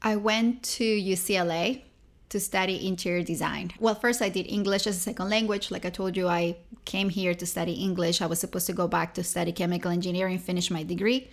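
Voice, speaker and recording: A young woman from Venezuela, a guest telling her story in a casual interview, lively and acting out the people she quotes. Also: lowish voice, brisk. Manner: animated, acts out quoted people.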